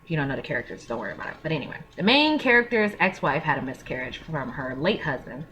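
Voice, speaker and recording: A woman's voice: low-pitched, sing-song, fast, fairly bright tone, slight background noise. A woman giving frank, earnest parenting advice in a casual vlog, talking in slang and openly emotional.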